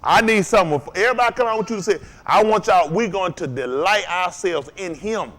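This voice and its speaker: A man preaching to a congregation, calling out to them and rising to shouts. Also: sits high, lively intonation, brisk. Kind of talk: sermon.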